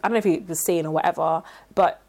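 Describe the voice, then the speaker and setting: Fast-talking woman. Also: fairly low pitch, steady tone, darkish tone. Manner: emphatic, keeps asking "do you know what I mean". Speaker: podcast co-host. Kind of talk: casual chat.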